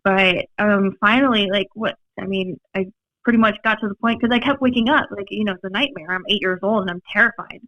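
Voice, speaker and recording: A young woman with a Minnesota accent, a podcast guest telling stories in a rambling, animated way, full of fillers and laughs. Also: medium pitch, brisk, dry recording. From Minnesota, USA. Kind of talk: casual storytelling chat. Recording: dry, slightly dull podcast audio.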